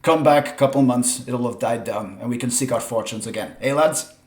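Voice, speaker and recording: A man's voice: medium pitch, moderate pace, darkish tone, natural voice. Guy doing a stiff dry alien merc spokesman, formal, chuckles a bit, roomy echo. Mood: wry. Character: male alien mercenary company speaker, stiff, wry, guarded.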